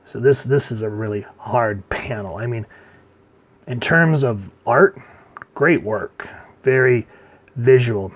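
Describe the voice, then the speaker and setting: A man's voice: mid-range voice, slow, long pauses, muffled recording. A man talks through a comic book in a loose, casual way. He rambles, adding fillers and restarting his sentences as he goes.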